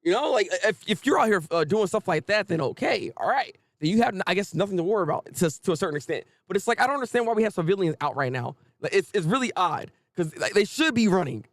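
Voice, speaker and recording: Animated, high-voiced man reacting casually. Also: fast, hardly any pauses, no echo. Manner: chatty, animated, stammering restarts. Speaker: manga reaction host.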